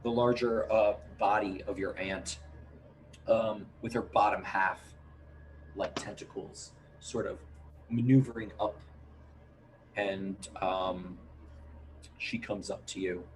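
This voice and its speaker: Man, game master, tabletop narration, slow and halting, lowish voice. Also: fairly even intonation, a little hiss or hum, low-quality recording. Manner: unhurried, halting with fillers.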